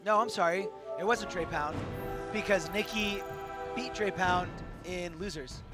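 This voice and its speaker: A male esports commentator with a high voice, worn and hoarse from long hours on the mic. He explains game mechanics in an eager, self-correcting way. Music plays clearly behind him at the venue. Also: measured pace. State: hoarse, losing his voice. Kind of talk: live tournament commentary. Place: tournament venue.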